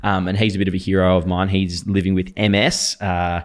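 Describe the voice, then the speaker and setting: A man's voice: deep voice, little pitch movement, fairly quick. A young man co-hosting a podcast, chatting in a laid-back, rambling way with lots of ums. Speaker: podcast co-host. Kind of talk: casual chat.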